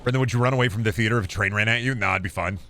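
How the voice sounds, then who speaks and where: Joking lower-voiced man streaming a game. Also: very fast, pushed and bright. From Iowa. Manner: joking, offhand, answers chat questions; slips into gruff mock-dad phrasing. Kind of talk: casual live-stream chat while gaming.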